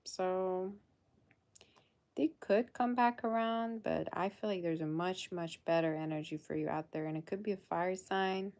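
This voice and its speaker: A woman's voice: lowish voice, a little slow, darkish tone. A woman doing a live tarot reading in a loose, chatty way, full of fillers and calling the listener "girl". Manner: loose, fillers and half-sentences. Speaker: tarot reader.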